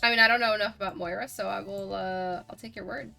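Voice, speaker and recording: A woman hosting a live stream in casual chat, quick and teasing. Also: mid-range voice, fairly even intonation, gravelly, pushed and bright, faint music behind. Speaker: streamer host.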